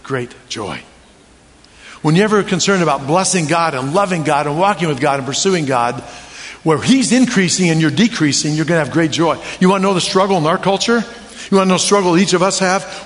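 A man preaching a sermon with humor and many rhetorical questions, drawing the crowd in. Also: on the high side. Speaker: pastor. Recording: long hall reverb.

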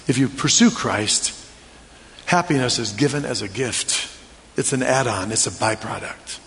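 Animated preacher man in a reverberant hall. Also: medium pitch. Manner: animated, humorous, with rhetorical questions. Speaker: pastor. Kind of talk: sermon.

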